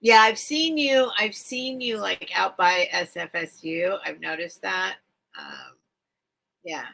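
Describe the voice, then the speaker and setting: A woman's voice: medium pitch, very animated, slow pace, vocal fry, sharp tone. A woman hosting a live stream, chatting casually and emotionally with viewers, rambling and repeating herself. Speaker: live-stream seller and host.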